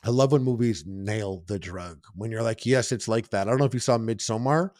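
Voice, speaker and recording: A man's voice: fairly low pitch, a little fast, darkish tone, no echo, studio quality. A man hosting a casual podcast who rambles through his stories with lots of fillers. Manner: rambling, filler-heavy storytelling. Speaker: podcast host.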